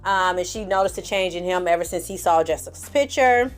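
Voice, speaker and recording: A woman's voice: on the low side, fairly quick, faint music behind. A woman giving a candid, casual recap of a reality show, talking straight to her viewers and acting out what the cast said. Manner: sassy, animated, acts out quotes from the show; candid, addresses viewers as y'all. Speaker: TV recap reviewer.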